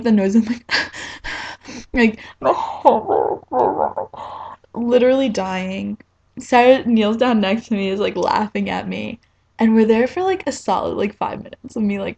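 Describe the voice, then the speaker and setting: Teen vlogger, 18, woman from New Jersey; higher voice, rambling excited delivery packed with "like.". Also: vocal fry, rough recording. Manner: rambling and excitable, fillers like "like" everywhere. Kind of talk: casual storytelling to camera.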